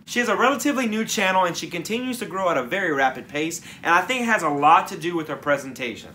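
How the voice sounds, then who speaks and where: Casting: male vlog host, bright voice, enthusiastic, rambling, unscripted feel. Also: sits high, expressive, fast talker, a little hiss or hum. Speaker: fragrance reviewer and channel host. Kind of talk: casual vlog talk to camera.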